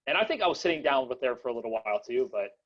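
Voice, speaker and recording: A man's voice: medium pitch, sing-song, very fast. Young man, podcast host, casual chat, rambling, lots of fillers, dull lo-fi sound. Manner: rambling, many fillers and restarts, laughs often.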